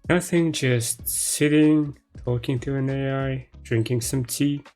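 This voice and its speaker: A young man hosting a casual chat, speaking English haltingly and switching to relaxed commentary. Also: mid-range voice, faint music behind. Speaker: English teacher, host.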